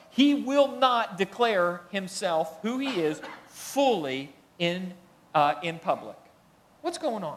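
A man's voice: a little high, a bit bright. A man preaching a sermon in a conversational way, building emphasis on his key points and reading passages aloud. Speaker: pastor.

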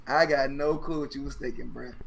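A man's voice: mid-range voice, brisk, vocal fry. A man co-hosting a casual sports chat, telling stories with energy, acting out players' reactions and laughing often. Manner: animated storytelling, acts out players' reactions. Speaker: sports podcast co-host.

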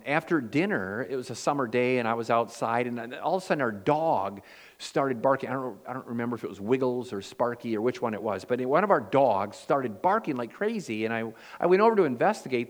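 A man preaching a sermon as pastor. He tells homey stories with a folksy, self-deprecating humor. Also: medium pitch. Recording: long hall reverb.

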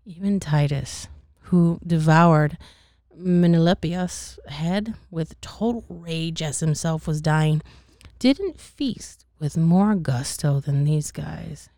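A woman's voice: low-pitched, slow, dark tone, no room sound, studio quality. A woman giving a casual, profane bedtime story reading and laughing at her own slips. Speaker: reader.

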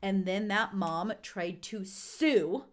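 A woman co-hosting a podcast in casual chat, an animated storyteller who acts out quotes in a high voice. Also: slow pace, a little hiss or hum. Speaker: podcast co-host.

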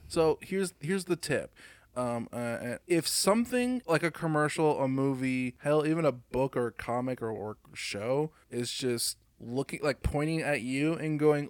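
A man's voice: a little high, normal speed, no echo, studio quality. A man in casual chat who swears freely, laughs often and mocks things in put-on voices. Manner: animated and profane, laughs often; slips into mocking voices to make a point.

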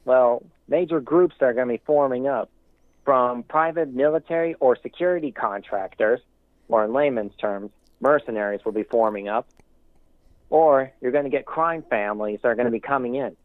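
A man's voice: mid-range voice, moderate pace, dry recording. Guy calling in, rambly and emphatic, thin phone line, dead dry sound. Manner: rambling, many restarts, emphatic warnings. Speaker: caller. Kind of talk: casual call-in commentary.

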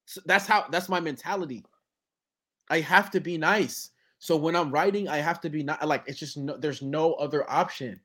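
A man with a high, bright-sitting voice talks in an emphatic, animated way during a relaxed podcast conversation. He keeps slipping into little acted-out quotes to make his point. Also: fairly quick. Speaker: guest musician. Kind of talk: casual podcast chat.

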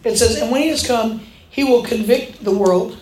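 The speaker is a woman preaching in a reverberant church hall, her voice on the high side at a moderate pace. She narrates stories with animation, acting out the voices within them.

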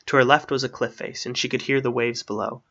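A man narrating a fantasy story aloud in a steady storytelling manner. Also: mid-range voice, fast talker, vocal fry, muffled recording.

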